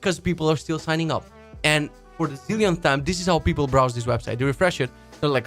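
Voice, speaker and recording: A man's voice: a little high, a bit bright, soft background music. A man hosting a web development podcast, ranting casually and swearing a lot, often restarting his sentences. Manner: swears a lot, restarts sentences, mocks people in quick put-on asides. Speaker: podcast host. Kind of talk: casual profane rant.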